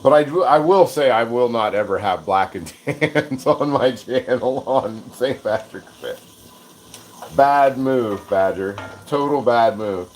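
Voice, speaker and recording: An American livestream cooking host rambles in casual, self-deprecating chat, chuckling frequently. His voice is medium-pitched, animated, unhurried and darkish in tone. The low-quality recording has a little hiss or hum.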